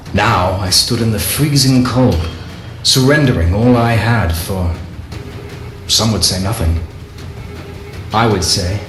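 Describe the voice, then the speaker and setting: A man gives a scripted first-person diary reading in a low, measured voice. He takes his time, letting each solemn line settle. The room around him rings with echo, and faint music plays underneath. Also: a bit bright. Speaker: narrator.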